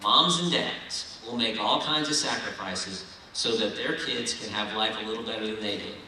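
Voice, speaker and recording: A man's voice: on the low side, normal speed, pushed and bright, a little hiss or hum. A man from Ohio giving a folksy, rousing keynote speech at a political dinner in a large banquet hall. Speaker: keynote speaker. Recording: echoey hall, mic heard from far.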